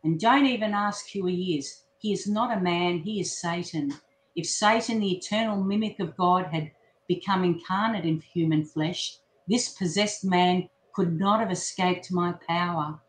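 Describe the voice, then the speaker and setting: A woman reading the lines of Jesus, a calm man gently teaching his disciples, in a measured, merciful way. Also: lowish voice, pitched below the performer's own voice, lightly acted. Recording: roomy echo.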